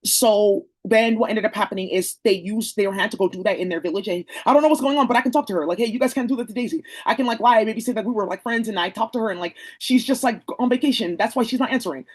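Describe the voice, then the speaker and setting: A speaker from the San Francisco Bay Area delivers a rapid-fire monologue straight to the camera. The voice is husky and a little rough, and the delivery runs at a hurried clip. It sounds like an accusatory rant, loose and rambling, peppered with slang and curses. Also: mid-range voice, poor audio.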